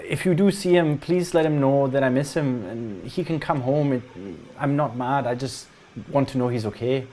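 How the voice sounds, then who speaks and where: A man voicing a worried middle-aged mother in a tabletop game, speaking in halting, stammering bursts. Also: medium pitch, warm tone, a little hiss or hum, natural voice. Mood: pleading.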